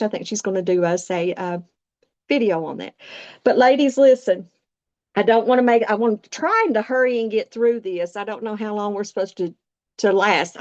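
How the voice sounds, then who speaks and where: A woman's voice: medium pitch, a little mellow, highs cut off. A sixty-year-old woman with a Southern Appalachian accent, chatting folksily through a casual makeup tutorial and talking straight to viewers. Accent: Southern Appalachian American. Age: 60s. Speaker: makeup vlogger.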